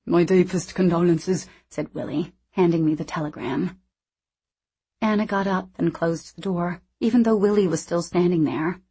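A woman narrating a novel in the first person in a measured, reflective way. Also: fairly low pitch, dark tone, breathy edge. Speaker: audiobook narrator.

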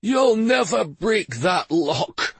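A man's voice: expressive, measured pace, fairly bright tone, slightly rough, no echo, exaggerated voice. A man voicing a frightened, sputtering priest held captive by warriors, in a storybook reading. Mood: panicked. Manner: sputtering, shrill. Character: desperate cringing male priest captive.

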